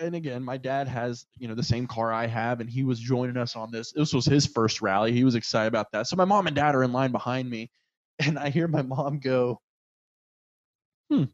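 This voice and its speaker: A man co-hosting a casual chat, telling a road-trip story with lively acted-out quotes. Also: a little fast. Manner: animated, acts out quotes in loud high voices. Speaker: podcast co-host. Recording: dull, dry lo-fi sound.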